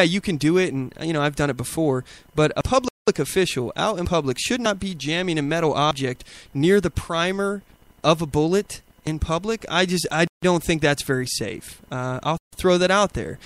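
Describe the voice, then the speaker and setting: Indignant man ranting with a bright, dry voice. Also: fairly high pitch, normal speed, few pauses, dry recording. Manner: indignant, rambling with many fillers and restarts. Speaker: podcast host. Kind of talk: casual commentary over video clips.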